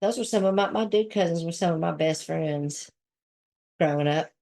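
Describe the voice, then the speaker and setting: A woman with a lowish, creaky, slightly mellow voice talks at a normal speed. She's hosting a casual livestream, reading out viewer comments and answering them bluntly, swearing a lot and laughing often.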